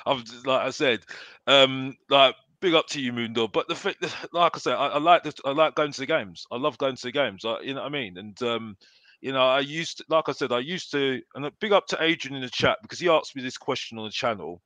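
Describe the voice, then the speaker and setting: A man's voice: mid-range voice, fairly quick, sharp tone, no echo. A man chatting casually as a fan panelist, rambling with many restarts and repeated phrases.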